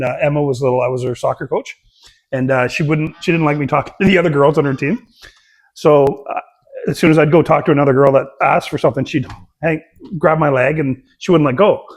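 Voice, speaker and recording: A middle-aged man co-hosting a relaxed podcast, voice sitting a little high for a man. He spins family anecdotes with plenty of "uh" and "right?" and gets animated as the story builds. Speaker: podcast co-host. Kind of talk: casual chat, storytelling.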